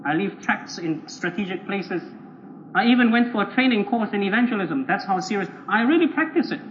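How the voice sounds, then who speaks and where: A man preacher voicing a smug, self-righteous churchgoer who boasts of his zeal. He speaks in a high, bragging voice on a dull, lo-fi recording with faint noise. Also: animated, brisk. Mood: self-satisfied. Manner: boastful, then flustered and stammering.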